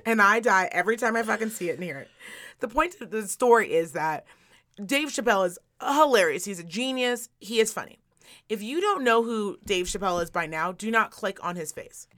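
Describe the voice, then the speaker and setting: A woman hosting a podcast, telling stories in a casual, animated way, repeating words for emphasis and swearing freely. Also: mid-range voice, a little fast. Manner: animated storytelling, emphatic repetition, profane. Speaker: podcast host. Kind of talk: casual chat.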